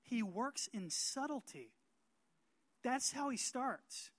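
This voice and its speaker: A middle-aged man preaching a sermon as pastor, emphatic and rising to loud calls for amen. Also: very high voice, lively intonation, slow pace, no room sound.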